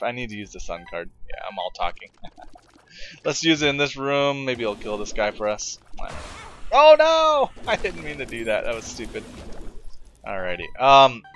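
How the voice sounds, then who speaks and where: A man's voice: medium pitch, sing-song, fairly quick, bright, forceful tone, soft background music. A man from the United States chatting to viewers while playing a game, rambling with lots of fillers and restarts. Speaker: let's play gamer. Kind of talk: casual gameplay commentary.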